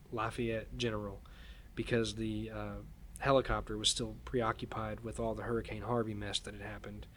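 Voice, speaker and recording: A man speaking as a podcast guest in casual storytelling, halting and repeating words as he earnestly recounts a frightening event. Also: lowish voice, a bit bright, a little hiss or hum. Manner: earnest, shaken retelling.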